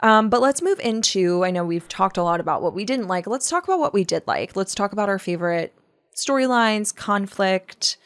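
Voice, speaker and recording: Animated young woman podcast host. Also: mid-range voice, a little fast, smooth. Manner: animated, acts out quotes from scenes. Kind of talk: casual chat.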